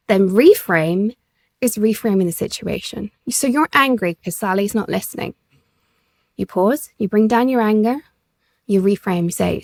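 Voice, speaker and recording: A woman's voice: a little high, no echo. Woman podcast host, leadership coach; direct, emphatic, encouraging; close, dry mic. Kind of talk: solo podcast coaching talk.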